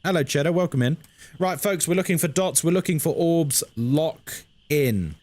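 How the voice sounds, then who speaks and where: His voice is on the high side with a darkish tone, and he speaks briskly. He's an Englishman in a home room by a noisy road, live-streaming a horror game and bantering with his audience in a chatty, jokey, self-mocking manner.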